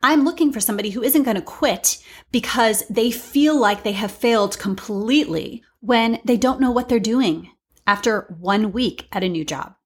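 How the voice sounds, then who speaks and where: A woman's voice: a little high, normal speed, husky. A woman in her forties, a podcast host, giving a frank, earnest reflective monologue with storytelling asides.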